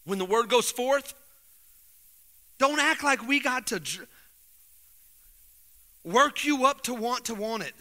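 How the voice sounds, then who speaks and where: A man's voice: extremely high pitch, animated, slow pace, long pauses, bright, forceful tone. A male pastor preaching a fervent sermon in church, urging his congregation on with call-and-response cues.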